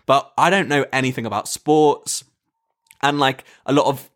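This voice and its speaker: A young English man in his twenties telling a casual story to camera, animated, laughing often and swearing freely. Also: medium pitch, moderate pace. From England. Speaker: vlogger.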